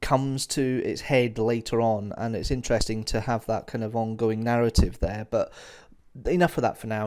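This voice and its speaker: A man's voice: medium pitch, a little mellow. A man giving a casual spoken review of an audio drama, chatty and enthusiastic, often circling back to the same phrases. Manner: chatty, enthusiastic, repeats "nice little" and "interesting".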